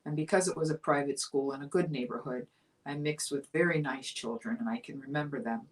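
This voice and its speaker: A woman in her fifties from Florida, with a low, grounded voice, hosts her own livestream talk show. She tells a childhood story in a chatty, amused way and laughs as she talks. Her voice sounds a little distant from the microphone. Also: brisk. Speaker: comedian host of a weekly livestream talk show. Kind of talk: casual storytelling monologue.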